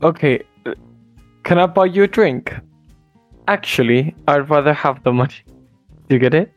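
A podcast co-host delivering one-liners in a dry, deadpan way. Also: mid-range voice, moderate pace, dull audio, faint music behind. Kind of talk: casual podcast chat.

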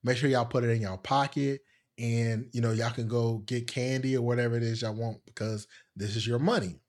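A man's voice: fairly even intonation, a little fast, a little mellow. A young man hosting a podcast, telling a story in a rambling way full of fillers. He laughs at himself and raises his voice to act out the people he quotes. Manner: acts out quoted voices higher. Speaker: podcast host. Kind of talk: casual storytelling.

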